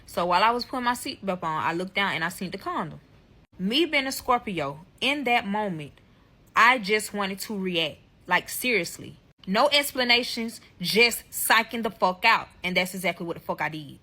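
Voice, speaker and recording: A woman telling a dramatic personal story in a casual, profane, animated way, speaking straight to her viewers. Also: mid-range voice, moderate pace.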